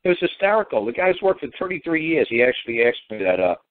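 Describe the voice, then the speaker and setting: A man's voice: a little high, sing-song, fast, no echo. A man telling a long family story in a blunt, rambling way, swearing and acting out the people he quotes. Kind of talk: casual storytelling. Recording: tinny dry phone-line audio.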